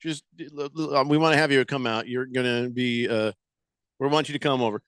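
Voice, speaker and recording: A man's voice: medium pitch, steady tone, brisk, fairly bright tone, smooth, no room sound. A man hosting sports talk radio, chatting casually and joking around with playful exaggeration.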